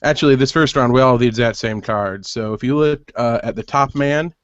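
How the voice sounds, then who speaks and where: A man who designs games, calmly walking people through rules with frequent pauses. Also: mid-range voice, no room sound. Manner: patient, methodical, with frequent "uh" pauses. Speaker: game designer guest. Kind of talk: explaining game rules on a video call. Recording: muffled web call audio.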